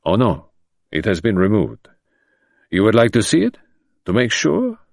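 A stern, pompous old magistrate, voiced by a male audiobook reader, speaks in a low, gravelly voice. His formal lines rise and fall widely. The sound is dry and close. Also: huge pitch swings, moderate pace, no room sound, full character voice.

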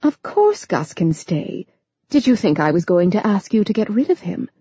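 A woman narrator voicing a gentle, loving elderly grandmother who speaks in a soothing, patient way. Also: mid-range voice, sing-song, normal speed, slightly rough, no room sound, highs cut off.

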